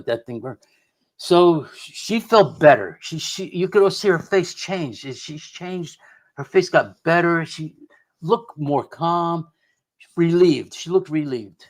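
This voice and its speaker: A middle-aged man telling a story of his own past as a radio guest. His voice sits at an ordinary male pitch, and he wanders through the tale with many restarts, repeated words and quoted lines of what people said. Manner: rambling, full of restarts and quoted dialogue. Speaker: guest investigator of the unexplained.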